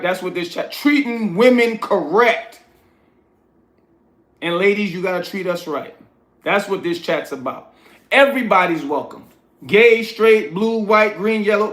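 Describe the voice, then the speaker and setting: New guy on a livestream, blunt and preachy, kinda high voice, echoey room. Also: a bit bright. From New York. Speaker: livestream host. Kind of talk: casual livestream chat, reading chat aloud.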